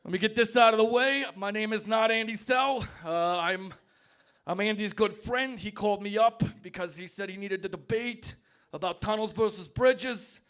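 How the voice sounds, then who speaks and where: A man's voice: high-pitched, moderate pace, fairly bright tone, clear, resonant tone. A man playing a self-declared tunnel expert in a comedy debate, stalling with lots of uhs and ums. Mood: bemused. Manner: hesitant, full of uh and um. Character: self-styled tunnel expert filling in for a friend. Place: pub stage.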